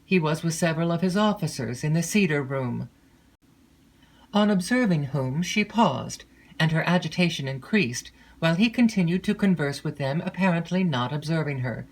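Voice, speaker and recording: A woman narrating a classic gothic novel in an unhurried, measured storytelling voice. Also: deep voice, poor audio. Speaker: audiobook narrator.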